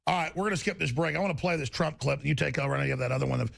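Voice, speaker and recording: A man's voice: a little high, very fast, gravelly, a bit bright, dry recording, studio quality. A middle-aged man hosting a talk show, blunt and mocking, laughing at his own jokes. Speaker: radio show host. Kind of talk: casual political talk.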